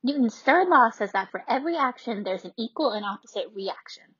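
A woman voicing a science-loving girl who insists she is right, loud and emphatic. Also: fairly high pitch, lively intonation, brisk, husky, dry recording, highs cut off, voice pushed up. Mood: insistent.

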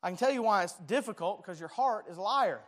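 High-voiced preacher man. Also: animated, quick pace, fairly bright tone. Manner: conversational, self-deprecating, stumbling restarts. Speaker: pastor. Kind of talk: sermon.

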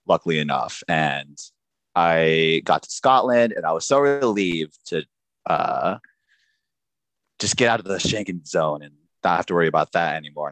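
A man with a low, deep voice tells a rambling travel story in a relaxed, chatty way. He is animated and laughs easily, and the sound is close and dry with no room in it. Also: no echo. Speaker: guest telling a travel story. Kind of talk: casual chat.

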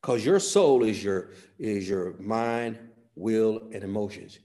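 A man preaching a sermon, swinging from soft, quiet phrases to sudden loud, emphatic peaks. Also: fairly low pitch, expressive, takes it slowly.

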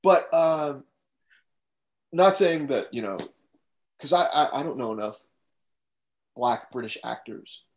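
A man's voice: medium pitch, expressive, slow, long pauses. A man in casual conversation as a podcast co-host, easygoing and a bit hesitant. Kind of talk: casual chat.

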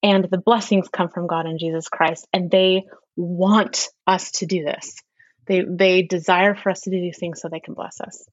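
A woman's voice: on the low side, steady tone, moderate pace, no echo. A woman in a casual religious discussion who speaks earnestly and reads quotations aloud with feeling. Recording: dry, slightly muffled audio.

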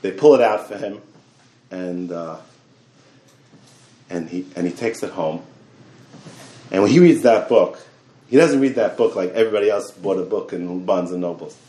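A man teaching a Torah class in an animated way, repeating words and talking in quick bursts. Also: deep voice. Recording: echoey room.

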